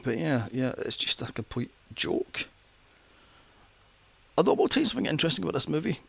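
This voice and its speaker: A man's voice: a little high, sing-song, brisk, vocal fry, husky, dry recording. A man hosting a casual film review podcast, sarcastic and swearing freely. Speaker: podcast host.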